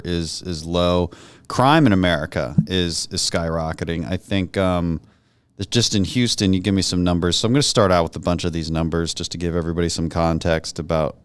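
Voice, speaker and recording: Low-voiced man hosting a podcast. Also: clear, resonant tone, dry recording. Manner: relaxed, joking, many fillers. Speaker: podcast host, congressman. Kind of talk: casual interview chat.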